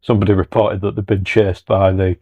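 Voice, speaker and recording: A man co-hosting a podcast, chatting casually and relaxed as he recalls an evening. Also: low voice, fairly quick, no room sound, lo-fi sound. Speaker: podcast co-host. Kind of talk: casual chat.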